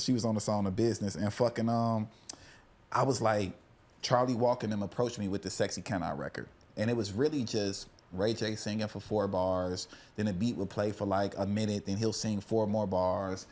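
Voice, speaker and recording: A middle-aged man, a music producer telling stories in a casual, profane interview, acting out other people's lines. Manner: animated, profane storytelling, acts out quotes in a high voice.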